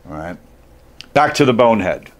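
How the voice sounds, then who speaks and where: A man's voice: lowish voice, very animated, normal speed. Chatty male history teacher lecturing. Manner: chatty, jokey, full of "like" and acted-out asides. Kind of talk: casual classroom lecture.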